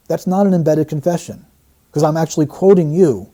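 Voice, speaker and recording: A man's voice: a little high, brisk, warm tone. A man analysing an interview clip, explaining the wording of a statement phrase by phrase. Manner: explanatory, breaks down quotes phrase by phrase. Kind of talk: analytical commentary.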